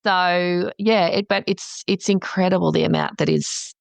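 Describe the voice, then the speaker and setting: A middle-aged woman, a counsellor and business founder, chatting as a podcast guest in an animated way and acting out her own past thoughts. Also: fairly low pitch, normal speed, creaky, no echo. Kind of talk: casual interview chat.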